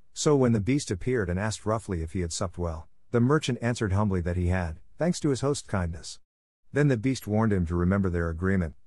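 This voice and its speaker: A man narrating a classic fairy tale in a calm, even-paced audiobook reading. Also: deep voice, no room sound. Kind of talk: scripted storybook narration.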